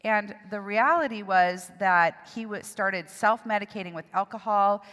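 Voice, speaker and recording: A woman's voice: medium pitch, a bit bright, lo-fi sound. Emotional woman speaker in a reverberant hall. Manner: emotional, halting, with pauses and restarts. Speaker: seminar speaker. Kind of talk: personal testimony talk. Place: church hall.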